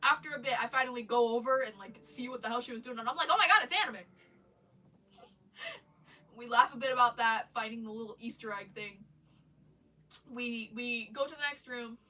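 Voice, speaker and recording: Bright-voiced woman ranting, stuffy nose. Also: on the high side, fairly even intonation, a little fast, recorded from a distance. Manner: rambling, swearing, frequent restarts. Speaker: streamer. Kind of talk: casual live-stream rant. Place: bedroom.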